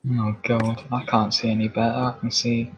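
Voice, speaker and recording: A man's voice: medium pitch, little pitch movement, normal speed, noisy background. A man co-hosting a casual cooking vlog, teasing and laughing along with his partner. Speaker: co-host. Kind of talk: casual chat.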